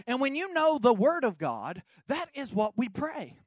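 A male pastor preaching a sermon, moving from quiet storytelling to exuberant shouting. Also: very high voice, sing-song, normal speed, hardly any pauses, slightly rough, dry recording.

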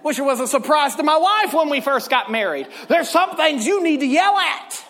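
A man preaching a sermon, telling stories with lively swings into loud shouts. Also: very high voice, moderate pace. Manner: animated storytelling, bursts into loud shouts. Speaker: pastor. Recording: long hall reverb.

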